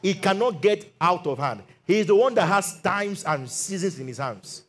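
Brief: male pastor, high voice, lively sermon storyteller who voices the characters and calls for hallelujah. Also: moderate pace, slight background noise. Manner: animated storytelling, acts out Bible quotes.

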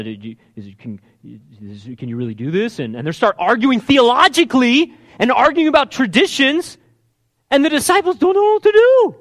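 A man preaching a sermon, telling a story with energy and acting out the characters' voices. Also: high-pitched. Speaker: pastor.

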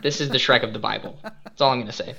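Animated young man retelling a Bible story. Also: mid-range voice, fast talker, creaky. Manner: animated, earnest and self-reflective. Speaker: podcast host and youth skate minister.

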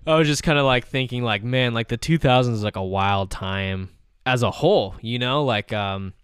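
A man's voice: medium pitch, moderate pace, fairly bright tone, clean tone, dry recording, studio quality. A man in his twenties hosting a podcast, telling casual stories in a rambling way, full of filler words and swearing. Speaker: podcast host. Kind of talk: casual chat.

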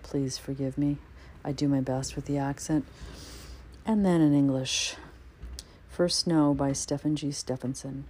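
A woman's voice: rumbling low, steady tone, unhurried, pauses often, mellow. A woman poet hosting a podcast, talking thoughtfully with frequent hesitant fillers and reading poems aloud. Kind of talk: casual podcast monologue with poetry reading.

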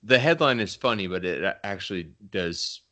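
Deep-voiced wry podcast man. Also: animated, normal speed, sharp tone. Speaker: podcast co-host. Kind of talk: casual podcast chat, reading news aloud.

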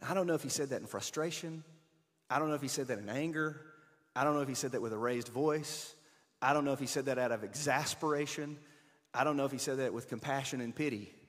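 A man preaching a conversational sermon, switching between emphatic bursts and hushed asides. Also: medium pitch, fast, long reverb tail. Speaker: pastor.

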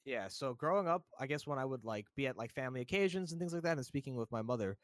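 Young guy rambling casually, lots of likes and you knows, middle pitch, dry close mic. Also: quick pace, no room sound. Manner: relaxed, rambling, many fillers. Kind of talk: casual chat.

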